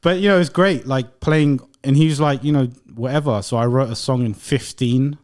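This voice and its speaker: A man in his thirties, a musician guest, talking in a relaxed, rambling way in a casual interview. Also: mid-range voice, moderate pace. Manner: relaxed, rambling, laughs often.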